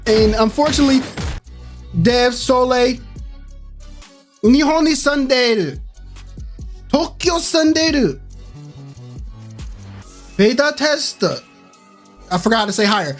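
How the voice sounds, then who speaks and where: A young man hosts a gaming channel and runs through game news with loud, animated energy. He swings between joking outrage and delight as he goes. Faint music plays behind his voice. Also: high-pitched, a little slow, pauses often. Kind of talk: excited game news commentary.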